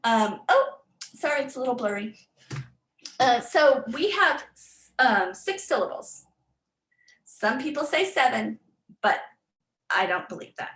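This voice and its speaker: Here a female literacy teacher presents a relaxed online workshop on reading, chatty and prone to fillers and restarts while she sounds out words. Her voice is on the high side and a bit bright, with lively intonation, a measured pace, and long pauses, all in a roomy, low-quality recording.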